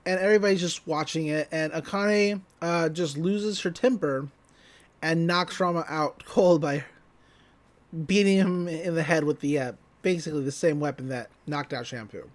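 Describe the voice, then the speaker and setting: A man co-hosting a podcast, recapping an episode in casual chat, laughing often and quoting characters in quick voices. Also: on the high side. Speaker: podcast co-host.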